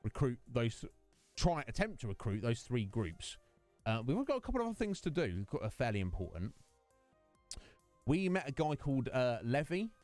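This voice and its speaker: A man's voice: mid-range voice, very animated, moderate pace, a little mellow, faint music behind. A man chatting casually with his stream viewers, rambling between topics and greeting them by name. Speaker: game streamer.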